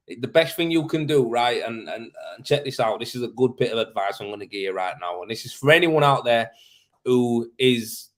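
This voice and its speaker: Blunt man chatting live. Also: medium pitch. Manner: blunt, matter-of-fact advice with slang and frequent "mate"; laughs easily. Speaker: host. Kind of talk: casual live-stream chat answering comments.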